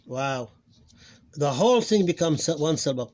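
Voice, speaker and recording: A man's voice: a little high, lively intonation, brisk, a little mellow. A man teaching Arabic phonics in an informal lesson, thinking aloud, correcting himself and stretching out the example words he models.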